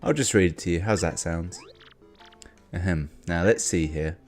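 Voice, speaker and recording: Man, low voice, gravelly, casual game commentary, faint music behind. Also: normal speed. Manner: rambling, wry asides. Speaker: let's play host.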